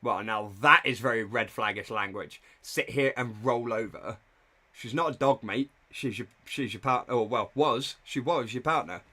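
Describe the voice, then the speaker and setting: A man's voice: mid-range voice, moderate pace, sharp tone. Blunt man in live reaction commentary. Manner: loose, irreverent and blunt. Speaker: streamer.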